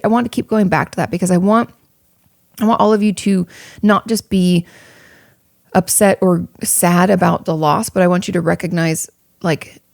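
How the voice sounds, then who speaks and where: A woman's voice: fairly low pitch, gravelly, a little mellow, dry recording, studio quality. A woman therapist hosting an advice podcast, talking casually and frankly with many fillers as she answers listener questions.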